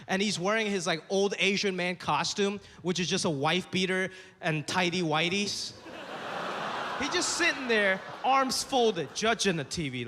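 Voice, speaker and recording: High bright stand-up guy on a club stage, live sound with a long hall reverb. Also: noisy background. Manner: loud, animated, acts out voices. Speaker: stand-up comedian. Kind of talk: stand-up comedy set.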